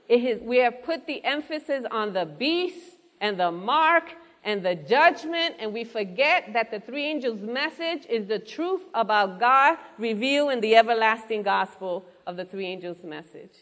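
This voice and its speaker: An earnest woman delivers a sermon to a gathered congregation, calling out questions to the room as she goes. Her voice sits a little high, and a long reverb trails behind her words in the church hall. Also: expressive, normal speed, few pauses, a bit bright. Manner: earnest, engaging the audience with questions. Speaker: preacher.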